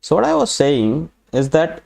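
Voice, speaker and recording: A man's voice: a little high, huge pitch swings, moderate pace, creaky, a little mellow. A man from India with an Indian accent, hosting a live trading webinar in a rambling way, often correcting himself and saying "uh". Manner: rambling, self-correcting, frequent fillers. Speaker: webinar host, forex analyst.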